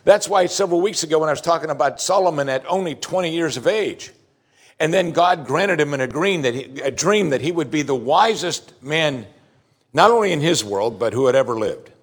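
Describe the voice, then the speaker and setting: A man, the pastor, preaching a sermon with emphatic declarations and quiet asides. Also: on the high side, animated, brisk.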